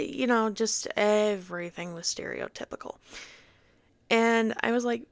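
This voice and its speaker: Chatty young woman with vocal fry. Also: mid-range voice, normal speed, no echo. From Utah. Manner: chatty, animated, acts out quoted voices. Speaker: podcast host. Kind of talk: casual personal story.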